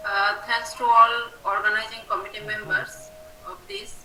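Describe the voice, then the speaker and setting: A woman's voice: mid-range voice, steady tone, moderate pace, bright, forceful tone, faint music behind. Woman lecturing over a distant, roomy call. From West Bengal, India. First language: Bengali. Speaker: guest lecturer. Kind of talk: webinar lecture. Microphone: video call. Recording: distant, roomy, noisy video call audio.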